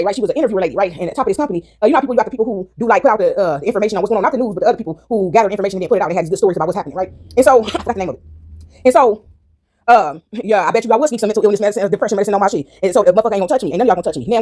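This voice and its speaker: A woman's voice: medium pitch, expressive, racing, darkish tone. A woman vlogger rambling through a movie recap to her viewers, swearing freely and calling them y'all.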